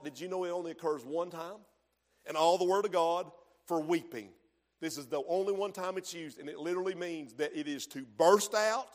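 A man preaching a sermon as pastor, swinging from hushed lines to shouts in a church sanctuary. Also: high-pitched. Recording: long hall reverb.

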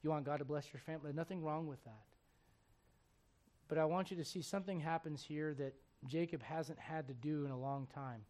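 A man's voice: on the high side, fairly quick, a little mellow. Storytelling preacher, man. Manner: storytelling preacher, voices biblical figures in casual speech. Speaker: pastor. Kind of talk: sermon.

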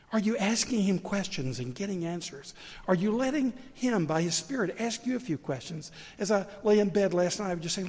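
A man's voice: on the high side, darkish tone, breathy edge. Man preaching a sermon in a reverberant hall. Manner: storytelling with voiced quotes, earnest. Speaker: pastor.

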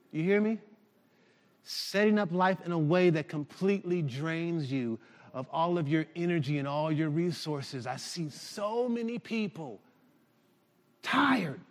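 Male pastor mid-sermon, lively swooping pitch, long church reverb. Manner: animated, shouting at peaks, with laughs.

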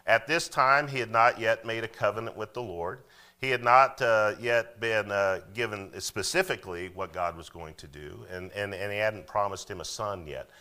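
A man's voice: lowish voice, normal speed, sharp tone. A man preaching, reading scripture aloud in a raised voice and then explaining it plainly with frequent "okay?" asides. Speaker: pastor.

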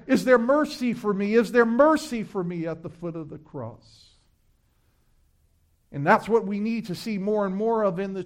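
High-voiced man preaching a sermon. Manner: emphatic preaching, repeats phrases, reads scripture aloud. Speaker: pastor.

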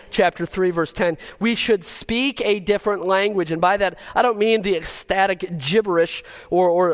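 A male pastor delivers a sermon with earnest, measured phrasing and frequent pauses. His voice sits a little higher than most men's. The sound carries the long reverb of a large church hall. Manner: earnest, pauses often, leads the congregation in prayer. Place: church sanctuary.

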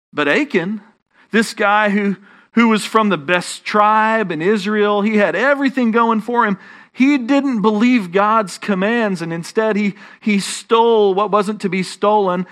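A man's voice: sits high, a bit bright. A man with a Texan accent preaching a sermon as pastor, rising in emphasis and often restarting his phrases.

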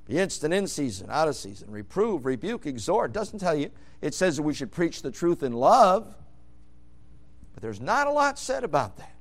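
A man preaching a sermon, moving from quiet storytelling into loud, fervent hollering. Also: fairly high pitch, sing-song, moderate pace.

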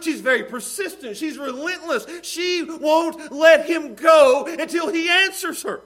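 A middle-aged male pastor preaching a sermon in an animated way, acting out pleading voices as he tells the story. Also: very high voice, measured pace, few pauses.

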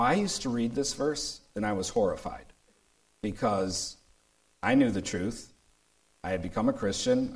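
A man's voice: fairly low pitch, a little mellow, poor audio. A male pastor preaching a sermon, emphatic, repeating his key points and reading scripture aloud.

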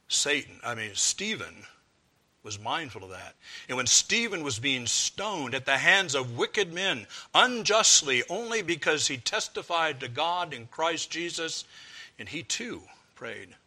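Bright-voiced male preacher, earnest sermon. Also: medium pitch, animated, a little slow. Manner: earnest, rising to fervent appeals then dropping to hushed quotes.

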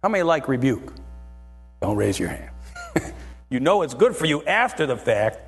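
A man preaching a sermon with a husky voice, talking in a lively, animated way and often checking in with his listeners by asking "right?". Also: medium pitch, moderate pace, faint music behind.

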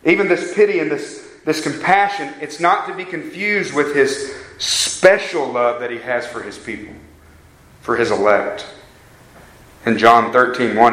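A man's voice: medium pitch, fairly even intonation, measured pace, fairly bright tone, roomy sound, poor audio. A man preaching a sermon, repeating key phrases for emphasis and putting questions to his congregation.

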